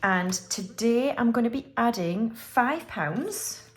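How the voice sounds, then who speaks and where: A budgeting YouTuber with a fairly high, expressive voice chats casually with viewers, slowly counting cash aloud into budget envelopes. She's breezy and tosses off offhand remarks, but sounds slightly unwell and clears her throat; there's a bit of background noise.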